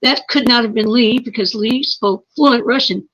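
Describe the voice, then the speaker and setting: Husky woman with an insistent, emphatic delivery. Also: fairly high pitch, normal speed, a bit bright. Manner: insistent, repeats words and asks rhetorical questions. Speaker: interview guest. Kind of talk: emphatic personal storytelling. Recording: muffled lo-fi stream audio.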